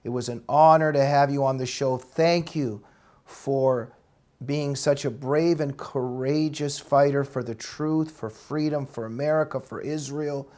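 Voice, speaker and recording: A man's voice: mid-range voice, steady tone, a little slow, a little mellow. A man with a Canadian accent hosting an interview show, closing it with effusive thanks. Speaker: host. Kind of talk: interview sign-off.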